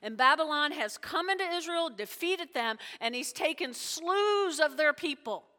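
A woman delivers a sermon with a high, bright voice that rings through a reverberant hall. She preaches in an emphatic, conversational way, often pausing to check in with her listeners. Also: animated.

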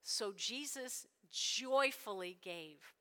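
A woman preaching a sermon in a lively, animated way, checking in with the congregation with frequent "all right?" and "right?". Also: medium pitch, drawn-out words. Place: church sanctuary. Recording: long hall reverb.

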